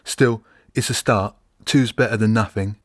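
A man's voice: on the low side, fairly even intonation, normal speed, no room sound, clean studio sound, lightly acted. A man voicing Bobby, a sulky rat guard. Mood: glum. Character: gloomy grumbling male rat guard. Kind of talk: audiobook character voice.

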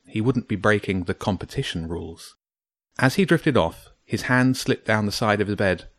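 A man reads a children's story aloud at a measured, steady pace. His voice sits on the low side. The sound is dry and close, with no room echo. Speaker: narrator. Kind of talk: scripted storybook narration.

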